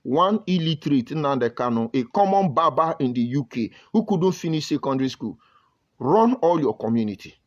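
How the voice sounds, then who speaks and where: A man's voice: on the high side, expressive, normal speed, muffled recording. A Nigerian man with a Nigerian accent giving emphatic live-stream commentary and greeting viewers from the comments. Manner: emphatic, preachy, reads viewer comments aloud. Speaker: online broadcaster.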